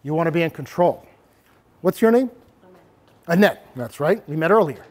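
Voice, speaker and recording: A middle-aged man with a high voice presents a workshop to a room of parents. He demonstrates calm, assertive ways of speaking and talks the audience through them step by step. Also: fairly quick. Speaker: anti-bullying presenter.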